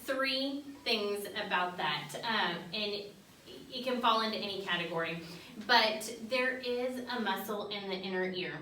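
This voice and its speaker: A woman on a talk show who talks fast and explains in an animated way, sharing her own experience as a mother. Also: medium pitch, slight background noise. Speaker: mental health specialist guest. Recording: echoey room, mic at a distance.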